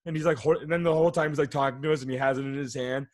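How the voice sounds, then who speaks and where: A man's voice: medium pitch, steady tone, rapid-fire, no echo, studio quality. A young man co-hosting a podcast, telling a story in a rambling, profane, often laughing way. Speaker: podcast co-host. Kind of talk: casual storytelling chat. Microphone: podcast mic.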